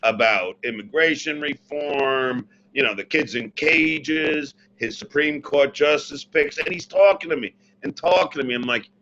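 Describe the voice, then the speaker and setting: A man telling a long prank story in casual chat, animated and self-mocking, recorded on his computer mic. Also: a little high, a little slow, hardly any pauses, lo-fi sound, a little hiss or hum. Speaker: podcast guest, former radio personality. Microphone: computer mic, not the podcast mic.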